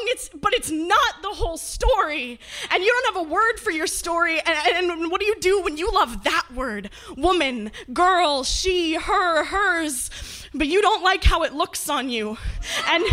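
A woman's voice: very high voice, bright, forceful tone. A woman performing a spoken word poem with an impassioned, rhythmic delivery.

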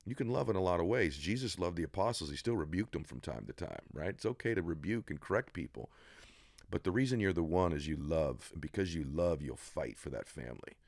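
Deep, emphatic motivational speaker man. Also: animated, a little fast, gravelly, darkish tone, dry recording, clean studio sound. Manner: emphatic, preacherly, building to intensity. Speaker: podcast guest. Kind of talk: motivational interview talk. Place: studio room.

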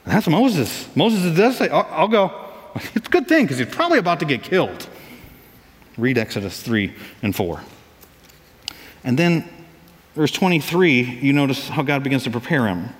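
A man preaching a sermon as pastor, lively and animated, acting out voices for comic effect. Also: medium pitch. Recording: long reverb of a large hall.

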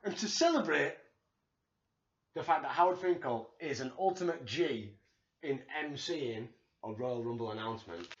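A man with a Yorkshire accent co-hosting a podcast, talking in an animated, excitable way and swearing freely. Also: medium pitch, moderate pace. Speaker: podcast co-host. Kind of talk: casual chat. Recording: echoey room, dull lo-fi sound.

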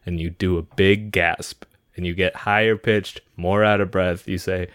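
A man's voice: low voice, little pitch movement, moderate pace, few pauses, a bit bright, smooth, dry recording, studio quality. A man co-hosting a podcast in casual chat, laughing often and speeding up when he explains. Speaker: podcast co-host.

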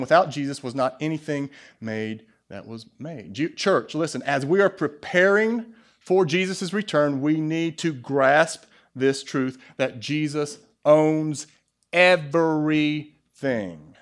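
A man with a Southern US accent preaching a sermon to his church, lively, with asides and jokes to the congregation. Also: a little high. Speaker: pastor. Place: church sanctuary.

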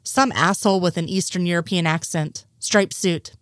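A woman's voice: fairly low pitch, normal speed, dry recording, studio quality, natural voice. Woman voicing an exasperated male agent.

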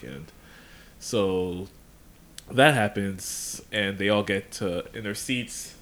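A man co-hosting a podcast, rambling through a casual recap and slipping into quick voices for the characters. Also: deep voice, fairly bright tone, slight background noise. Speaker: podcast co-host. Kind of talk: casual chat, recapping episodes.

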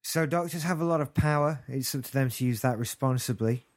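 A man's voice: mid-range voice, brisk. Man, British accent, casual podcast chat, wry, jokey. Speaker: podcast co-host.

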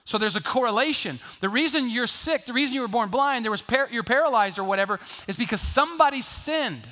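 A man preaching a sermon in a lively, conversational way, joking and acting out the people in the story. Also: very high voice, fairly quick. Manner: lively, conversational preaching with jokes and acted-out voices. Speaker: pastor.

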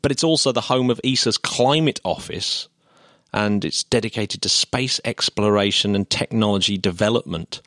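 A man with a lowish voice co-hosts a casual podcast, chatty and eager, laughing as he explains things. The sound is dry and close, with little room echo. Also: normal speed, fairly bright tone. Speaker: podcast co-host.

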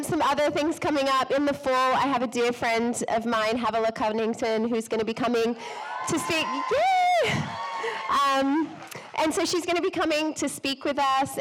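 A woman hosting a live church women's event, slightly hoarse from a cold, bubbly and effusive, laughing often as she speaks to the audience on a stage mic. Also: on the high side, poor audio. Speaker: event host. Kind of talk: enthusiastic welcome speech to a live audience. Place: event hall before an audience.

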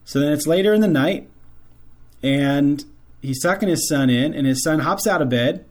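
Faith-show host, a man with a slightly high voice, earnest preaching to fathers, repeats lines for emphasis. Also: normal speed, darkish tone. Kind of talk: preaching-style talk to fathers.

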